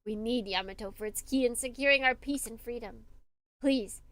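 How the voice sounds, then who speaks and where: A woman's voice: a little high, moderate pace, fairly bright tone, lightly acted. A woman voicing a haughty male American officer with a put-on Southern accent, reading game dialogue in a cold, formal, lecturing manner. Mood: solemn.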